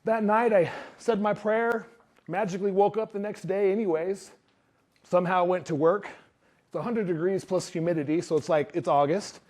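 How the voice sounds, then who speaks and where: A man giving a motivational talk to a live audience, telling his story in an animated way and acting out what others said. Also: sits high, moderate pace. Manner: animated storyteller who acts out quotes. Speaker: speaker.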